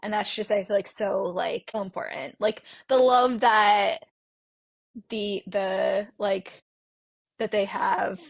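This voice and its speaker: Woman podcast guest with a husky, creaky voice, rambling casually, dry close mic. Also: medium pitch, fairly even intonation, slow, no room sound. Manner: rambling, heavy use of "like", many restarts. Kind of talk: casual book discussion.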